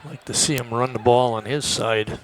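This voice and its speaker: A man doing play-by-play for a high school football game, relaxed and folksy with many fillers. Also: moderate pace, a little hiss or hum. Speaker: play-by-play announcer.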